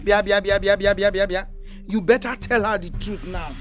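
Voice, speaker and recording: An actress playing a scornful, sharp-tongued first wife in a Nigerian film, mocking her rival; Nigerian accent. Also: mid-range voice, steady tone, moderate pace, faint music behind, lightly acted. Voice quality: mocking, taunting. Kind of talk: Nollywood film acting.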